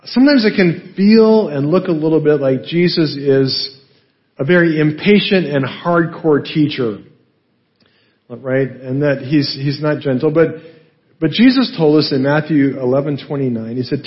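A male pastor teaching a Bible passage in a relaxed, conversational way, asking rhetorical questions and often adding "right?". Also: medium pitch, moderate pace, dull audio.

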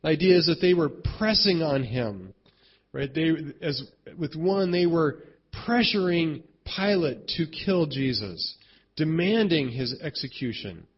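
A man's voice: on the high side, expressive, measured pace, breathy edge, dull audio. A man preaching a sermon in a conversational way, often asking "right?" and restarting his sentences. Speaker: pastor.

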